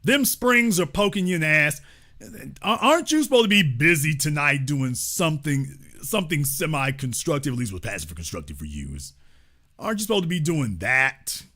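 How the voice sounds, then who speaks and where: Male host, sarcastic, taunting, repeats himself, sharp bright tone, fairly high. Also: big pitch swings, moderate pace. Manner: mocking, sarcastic taunting of a caller; repeats phrases for emphasis. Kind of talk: live call-in commentary.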